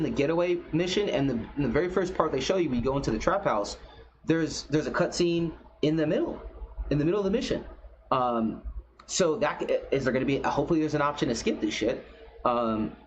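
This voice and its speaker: A man's voice: fairly high pitch, a little mellow, a little hiss or hum. A man giving casual reaction commentary on a game trailer, blunt, profane and opinionated. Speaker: gaming commentator. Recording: slightly dull recording.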